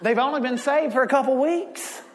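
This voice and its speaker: A male pastor preaching a sermon, joking and conversational, building to shouted emphasis. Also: very high voice, moderate pace, long reverb tail.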